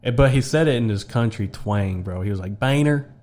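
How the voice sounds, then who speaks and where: A man speaking as a guest on a casual podcast, relaxed as he tells a story. His voice sits a bit low for a man. He peppers his talk with "bro" and "dude". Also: a little fast. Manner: laid-back, says "bro" and "dude" a lot.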